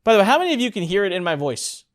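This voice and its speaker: A middle-aged instructor running a live webinar, bursting with excitement and leaning hard on key points. Lines get repeated for emphasis, with chatty asides and filler words along the way, in a mid-range voice. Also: mid-range voice, racing. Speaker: online course instructor.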